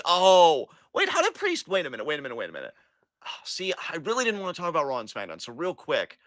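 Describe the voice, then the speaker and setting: A man trading casual banter on a wrestling podcast. His voice is bright and swings widely in pitch. He laughs a lot and swears freely, and the sound is dry and close to the mic. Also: no echo. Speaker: podcast co-host.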